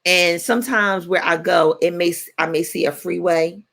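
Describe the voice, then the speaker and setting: A woman in her forties, co-hosting a radio talk show and telling stories in a playful, animated way. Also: fairly low pitch, moderate pace, vocal fry. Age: 40s. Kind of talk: casual chat.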